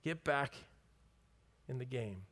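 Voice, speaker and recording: A man voicing God as patient and gently firm, coaxing with repeated questions. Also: mid-range voice, animated, slow. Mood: probing.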